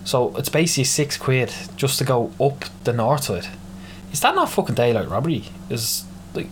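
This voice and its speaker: A man's voice: mid-range voice, expressive, moderate pace, slight background noise. Sweary Dublin man ranting. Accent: Irish, Dublin. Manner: moaning, sweary, rambling. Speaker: podcast host. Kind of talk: solo ranting podcast.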